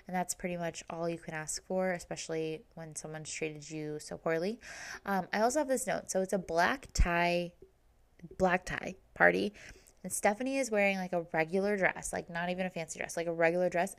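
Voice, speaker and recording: A woman podcast host recaps a reality TV season in casual, chatty conversation, speaking briskly in a lowish voice with vocal fry. Her talk is full of fillers like "like" and "um."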